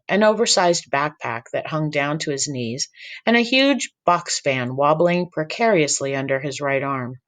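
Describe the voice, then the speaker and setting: Man reading a chapter book to kids. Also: fairly high pitch. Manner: lively voices for each character. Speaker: teacher reading aloud to children. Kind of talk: chapter-book read-aloud.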